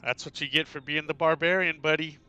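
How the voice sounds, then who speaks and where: A man's voice: on the high side, fairly even intonation, brisk, a crowd in the background. A man running a tabletop game as game master, describing the scene with many ums and restarts. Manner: hesitant, many fillers and restarts.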